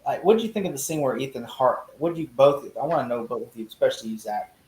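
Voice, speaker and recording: A man who is a guest in a casual podcast discussion, telling stories with lively energy and acting out quotes in mock voices. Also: mid-range voice, fast talker, echoey room, rough recording.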